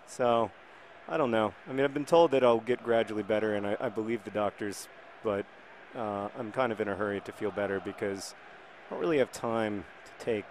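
A man's voice: lowish voice, brisk, slight background noise. A man in his thirties giving rambling, wry commentary on a video game while worn out and recovering from illness. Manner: wry, rambling, bursts into excited shouting. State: recovering from illness, low energy. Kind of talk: casual gameplay commentary.

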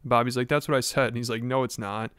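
A man's voice: mid-range voice, steady tone, fast talker, a bit bright, smooth, dry recording, clean studio sound. A man giving casual video commentary in a matter-of-fact, critical way.

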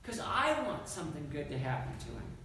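A man voicing an exasperated elderly patriarch, pleading in animated outbursts. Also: fairly high pitch, fairly quick, gravelly, voice pushed down, full character voice. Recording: echoey church hall, distant mic, background noise.

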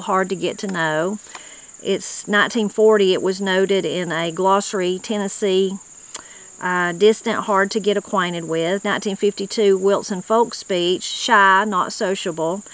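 With a medium-pitched, steady voice at a measured pace and a bit of brightness, an Appalachian woman from western North Carolina explains regional words in a folksy, conversational way. She hosts this casual talk and occasionally reads out dictionary entries, and the audio is poor.

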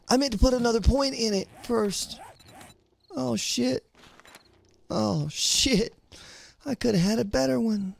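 A man's voice: sits high, lively intonation, normal speed, creaky, a little hiss or hum. A man casually commenting on his own gameplay on a live stream, talking to himself, swearing lightly, and thanking viewers by name. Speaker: game streamer.

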